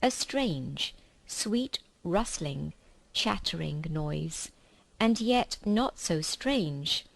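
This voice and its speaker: Woman reading a kids book out loud, really slow and calm, dry close sound. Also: lowish voice, creaky, dry recording, poor audio. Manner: calm, measured storytelling. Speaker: reader. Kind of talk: reading a children's novel aloud.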